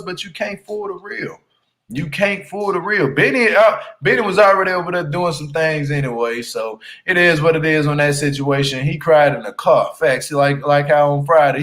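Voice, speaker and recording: Slightly high-voiced man, animated and teasing. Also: low-quality recording. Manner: animated, laughing, teasing, slangy; repeats "you hear me" for emphasis. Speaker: reality show recap commentator. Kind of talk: casual recap commentary.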